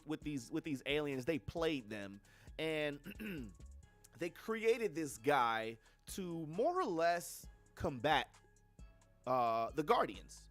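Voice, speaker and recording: A man's voice: on the high side, fairly bright tone. A young man giving a casual, profane film review on a livestream, blunt and full of slangy asides. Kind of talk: casual movie review rant.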